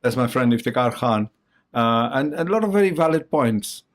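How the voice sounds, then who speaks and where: A man's voice: mid-range voice, animated, moderate pace. A man hosting a conversation, chatting casually and rambling between points. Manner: chatty, rambling, frequent uh fillers. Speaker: host. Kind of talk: casual chat.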